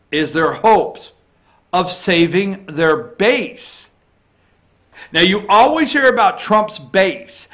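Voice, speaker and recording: High-pitched guy hosting a morning opinion show, emphatic, keeps saying okay? all right?. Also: fairly bright tone. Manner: repeats phrases for emphasis. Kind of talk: opinionated political commentary.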